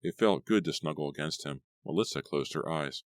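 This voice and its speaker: A man narrating an audiobook story with expressive storytelling. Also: extremely low pitch, brisk, dry recording, clean studio sound. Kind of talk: scripted narration.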